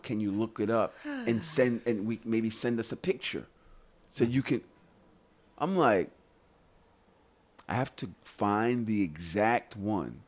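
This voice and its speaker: A man co-hosting a podcast, ranting in casual chat with swearing and exasperated questions. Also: on the low side. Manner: animated, exasperated, swears and rants. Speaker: podcast co-host.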